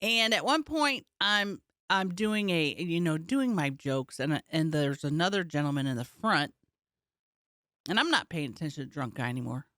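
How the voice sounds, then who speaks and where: A woman's voice: low-pitched, moderate pace, no room sound, studio quality. A woman comedian co-hosting a casual podcast, telling a story with energy and acting out the people in it. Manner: animated storytelling, acts out the people she talks about.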